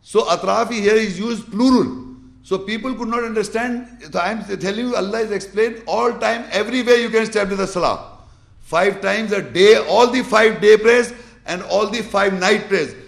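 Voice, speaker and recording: High, gravelly-voiced man teaching a class. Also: a bit bright, roomy sound. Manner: questions the class, demonstrates with hands. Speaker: religious teacher. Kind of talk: Quranic lesson to a class.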